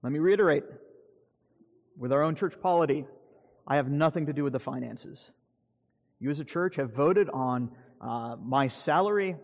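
A man preaching a sermon as pastor, earnest and emphatic, rising on key phrases and dropping low at the ends of his points. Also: moderate pace, in a large hall, lo-fi sound.

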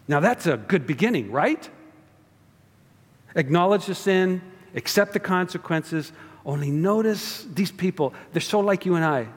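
A man preaching in a fairly high voice, talking conversationally and tossing rhetorical questions at the congregation. His words ring out with a long echo, as if in a large hall. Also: lively intonation, a little slow, breathy edge. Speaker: pastor. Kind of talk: sermon.

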